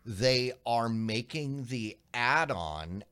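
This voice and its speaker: A man co-hosting a tech podcast in casual chat, explaining the background of a news item with frequent pauses and restarts. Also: mid-range voice, lively intonation, bright, forceful tone, clear, resonant tone. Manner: explanatory, hesitant, many ums and restarts. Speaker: podcast co-host.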